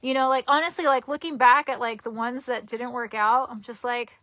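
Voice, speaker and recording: A woman's voice: fairly high pitch, steady tone, brisk, pushed and bright, no echo. A young woman chatting casually on a live stream from her cluttered bedroom, giggly and rambling, often restarting her sentences. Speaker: vlogger.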